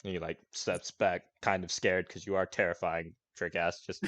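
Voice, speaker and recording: A man's voice: sits low, little pitch movement, moderate pace, a bit bright, dry recording. A man narrating casually as game master of a tabletop game, often swearing.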